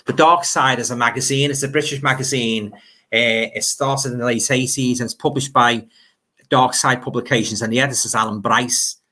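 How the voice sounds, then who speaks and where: Chatty bright-voiced Liverpool man. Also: mid-range voice, steady tone, normal speed. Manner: rambling, repeats words, chatty asides. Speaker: livestream host reading viewer comments. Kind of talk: casual livestream chat.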